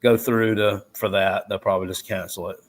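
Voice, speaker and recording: A man's voice: lowish voice, little pitch movement, fairly quick. Easygoing rambling man. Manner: rambling, easygoing, many fillers. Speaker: co-host. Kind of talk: casual sports chat.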